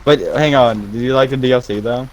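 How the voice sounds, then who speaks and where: A man's voice: medium pitch, brisk, a little hiss or hum, poor audio. A man co-hosting a podcast, chatting casually and answering with teasing remarks and laughter. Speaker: podcast co-host. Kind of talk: casual chat.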